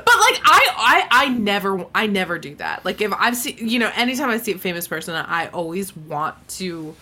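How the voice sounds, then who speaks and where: A woman's voice: medium pitch, big pitch swings, moderate pace, bright, forceful tone. A woman co-hosting a podcast, chatting casually and emphatically, with many "like"s. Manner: chatty, emphatic, says "like" often. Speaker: podcast co-host. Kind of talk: casual chat.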